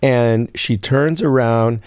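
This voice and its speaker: A man in his sixties telling a long story as an interview guest, acting out quoted lines in a higher voice. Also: slow, smooth, no echo, clean studio sound. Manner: animated storyteller, acts out quotes in a high voice. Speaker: guest songwriter.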